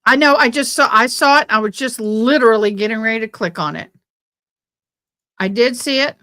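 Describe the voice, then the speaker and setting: On her casual trial-coverage livestream, a woman chats and reads out comments from viewers. Her voice is fairly high, pushed and bright, and she talks at a normal speed.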